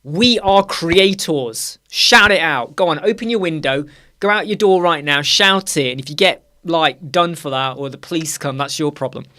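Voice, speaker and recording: A man's voice: fairly high pitch, a little fast, pushed and bright. A young man hosting a live web design Q&A stream, talking casually with energy and repeating key phrases for emphasis.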